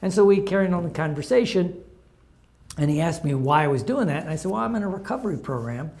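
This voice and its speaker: A man's voice: fairly high pitch, animated, fast, a little mellow. A middle-aged man giving an informal talk on recovery steps, sharing stories in a conversational, anecdotal way. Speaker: recovery program speaker.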